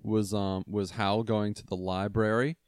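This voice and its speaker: A man's voice: lowish voice, flat delivery, measured pace, no echo, clean studio sound. A man co-hosting a casual comedy podcast, rambling, swearing freely and laughing often. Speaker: podcast co-host.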